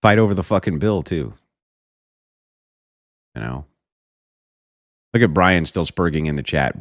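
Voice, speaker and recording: A man's voice: low-pitched, animated, normal speed, no room sound, studio quality. A man hosting a livestream who reacts in a combative, sarcastic way and swears freely. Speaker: livestream host.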